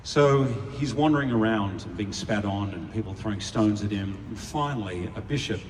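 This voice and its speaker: A man's voice: lowish voice, moderate pace, recorded from a distance, a little hiss or hum. An Australian man joking playfully with the audience between songs on a large outdoor stage. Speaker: stage performer. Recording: echoey live venue taped from the crowd. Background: orchestra and audience.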